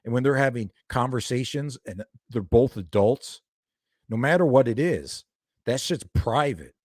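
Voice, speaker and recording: A man's voice: medium pitch, animated, a little slow, darkish tone, no room sound, clean studio sound. A young man doing a heated, profane reaction video, ranting and calling people out. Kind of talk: angry reaction commentary.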